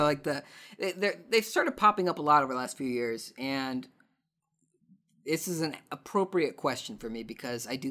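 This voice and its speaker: A man's voice: a little high, fairly bright tone. A man hosting a podcast, answering listener questions in a sarcastic, ranting casual chat. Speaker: podcast host.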